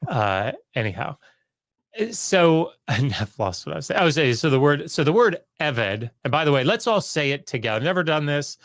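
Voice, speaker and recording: A man's voice: on the high side, sing-song, a bit bright, no echo, clean studio sound. Chatty man explaining with jokey asides. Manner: jokey, rambling, quick asides and self-corrections. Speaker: guest scholar. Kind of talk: casual explanatory chat.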